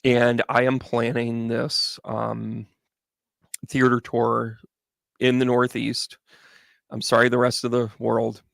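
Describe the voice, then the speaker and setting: A man hosts a livestream as a medium, telling long, rambling stories with lots of animated asides and restarts. His middle-pitched voice has a gravelly edge. It is recorded dry and close, with no room sound. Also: takes it slowly, long pauses, dry recording. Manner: rambling, animated, chatty storytelling. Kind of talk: casual livestream chat.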